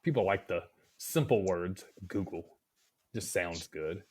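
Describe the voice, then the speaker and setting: A man in his thirties with a low voice talks things through in a measured, agreeable manner as a podcast co-host. He sounds reflective rather than loud. Faint background noise sits under his voice. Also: lively intonation. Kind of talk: casual chat.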